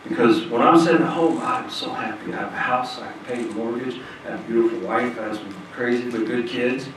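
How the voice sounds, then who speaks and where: A man's voice: medium pitch, a little fast, fairly bright tone. A man giving an earnest, plain-spoken personal talk to an audience from a stage, acting out the voices of people in his story. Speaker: nonprofit president giving a talk. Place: large hall stage before an audience. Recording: echoey hall, distant mic, faint hiss.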